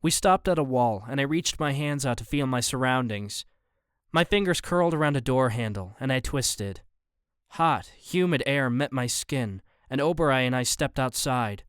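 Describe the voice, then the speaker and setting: A man reads a first-person audiobook in a measured, even way. His mid-range voice is smooth and resonant. The studio recording is close and dry. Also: mid-range voice, no room sound. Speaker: audiobook narrator.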